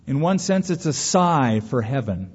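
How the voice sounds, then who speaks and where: A man's voice: mid-range voice, sing-song, measured pace, breathy edge. A male pastor from California, preaching a sermon in an earnest way with rhetorical questions and story asides. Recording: reverberant hall, dull lo-fi sound.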